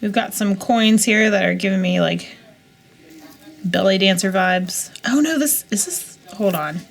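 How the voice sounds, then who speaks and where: Woman, thirties, from the U.S.; gravelly, chatty vlogger muttering to herself. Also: medium pitch, measured pace. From United States. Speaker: jewelry reseller vlogger. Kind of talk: casual chat while unboxing.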